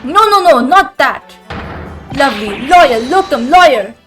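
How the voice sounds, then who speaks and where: A woman voicing an excitable, nervous young man studying abroad, who gushes in tongue-twisting alliteration. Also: very high-pitched, moderate pace, soft background music. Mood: ecstatic. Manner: flustered, alliterative gushing.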